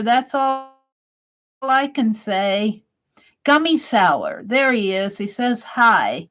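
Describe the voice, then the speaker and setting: A woman's voice: fairly high pitch, lively intonation, measured pace. A woman hosting a casual live stream, chatting and reading viewers' comments aloud, laughing often.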